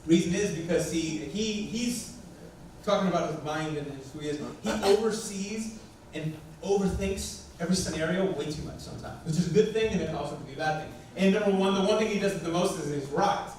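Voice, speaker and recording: A pastor telling a story in a sermon, in a lively, chatty way that often breaks into laughter. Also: male voice, fairly high pitch, fairly quick, a little hiss or hum. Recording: very echoey church hall from far off.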